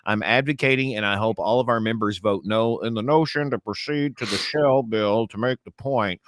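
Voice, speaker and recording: A man doing a slow, drawn-out impression of an old male senator. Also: fairly low pitch, a bit bright, dry recording, natural voice. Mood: drawling.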